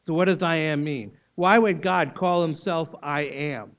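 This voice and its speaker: Man preaching a sermon, slightly high voice. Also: measured pace, fairly bright tone. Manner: explanatory teaching, emphatic repetition. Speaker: pastor. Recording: dull lo-fi recording.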